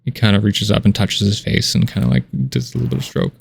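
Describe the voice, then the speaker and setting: A man's voice: on the low side, lively intonation, fast talker, creaky, husky. A man narrating a tabletop game as game master, casual and descriptive with many fillers.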